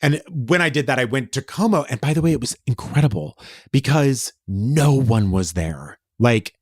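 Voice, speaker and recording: A man co-hosting a podcast, telling a story in casual chat; he is animated, gets defensive fast and swears freely. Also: mid-range voice, no room sound, studio quality. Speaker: podcast co-host.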